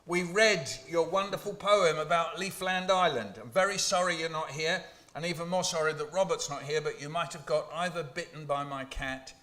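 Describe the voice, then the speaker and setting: Brief: a playful poet host working a room of schoolchildren, slightly high voice, echoey hall. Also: male voice. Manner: playful, jokey, animated, asks the children questions. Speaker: children's poet hosting a school poetry launch. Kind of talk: lively performance to schoolchildren.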